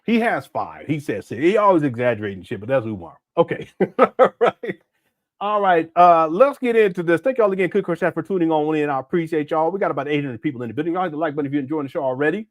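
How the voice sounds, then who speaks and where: A man's voice: a little high, expressive, quick pace, no room sound. A man hosting a livestream, chatting casually in loose, joking, profane reaction commentary and tripping over his words. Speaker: livestream host.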